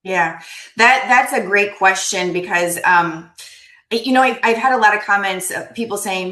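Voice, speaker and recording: A woman's voice: mid-range voice, a little slow, bright, forceful tone, reverberant, low-quality recording. A woman giving an emotional, earnest keynote talk over a video call, often repeating words. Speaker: keynote speaker.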